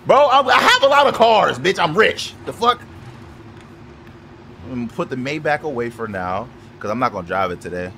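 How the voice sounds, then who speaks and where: A man giving loud, profane, excitable commentary over his car game, with quick shouted outbursts. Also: a little high, creaky, crowd noise. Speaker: gaming YouTuber. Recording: noisy game audio behind the voice.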